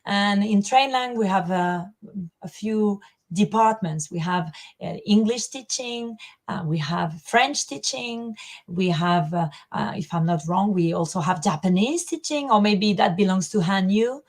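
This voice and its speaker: A woman's voice: medium pitch, a little slow. Hesitant Spanish-speaking woman on a podcast. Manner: thoughtful, hesitant with fillers and self-corrections. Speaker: co-host and language school staff. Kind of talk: casual podcast chat.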